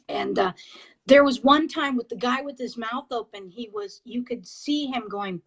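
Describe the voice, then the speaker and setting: A woman with a somewhat high voice tells her ghost-hunting experiences on a video call. She talks in a halting, excitable way, breaking off and restarting her sentences and filling gaps with "um". The sound is a casual interview. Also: low-quality recording. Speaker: paranormal investigator guest.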